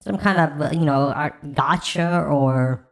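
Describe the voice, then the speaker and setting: A woman's voice: low voice, unhurried. Blunt, profane woman streamer ranting. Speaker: streamer reacting to clips. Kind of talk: casual reaction stream chat.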